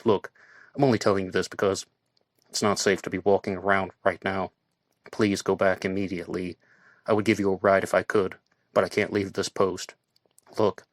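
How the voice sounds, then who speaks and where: A tall, stern police officer who turns people away but lets a warning slip in a near whisper, voiced by a man reading an audiobook. The voice is deep and stays close to the narrator's own. The recording is dry and intimate. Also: no echo, close to an everyday voice. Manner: firm instructions, then hushed confiding.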